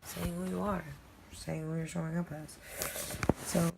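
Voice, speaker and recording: A woman's voice: fairly low pitch, little pitch movement, a little slow, vocal fry, very noisy. A young woman vlogger and fitness instructor, recapping her day in a rambling, casual way, swearing and often dropping into a whisper. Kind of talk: casual daily recap vlog.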